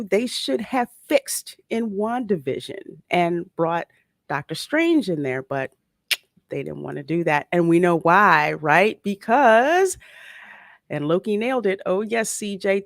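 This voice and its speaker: A woman's voice: medium pitch, expressive, unhurried, no room sound, clean studio sound. A woman hosting a casual live-stream movie chat, greeting viewers by name and giving blunt, opinionated takes.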